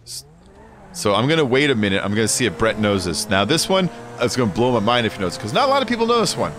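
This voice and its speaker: A man's voice: medium pitch, sing-song, fast, fairly bright tone, a little hiss or hum. A man streaming a racing game and chatting casually with viewers, rambling through stories and laughing often. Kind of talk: casual live-stream chat.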